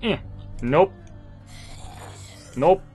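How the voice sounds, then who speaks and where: Exasperated man doing lively game commentary. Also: fairly high pitch, very slow, lo-fi sound, soft background music. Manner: swears and talks to himself, exasperated and joking. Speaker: gamer. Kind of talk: let's play commentary.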